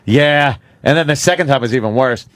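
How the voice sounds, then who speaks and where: A man's voice: mid-range voice, fairly quick, a bit bright, dry recording. Profane New man telling stories. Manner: profane storytelling, laughs often. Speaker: radio co-host. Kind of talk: casual radio banter.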